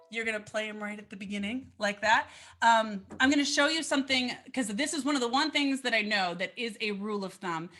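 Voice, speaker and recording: A woman's voice: a little high, pushed and bright. A woman teaching fiddle in a casual online lesson, bubbly and chatty with playful asides, heard over a video call.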